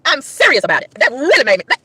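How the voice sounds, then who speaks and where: A woman ranting to her livestream chat, emphatic and exasperated, with loud whoops. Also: high-pitched, wildly swooping pitch, racing, background noise. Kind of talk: casual livestream rant.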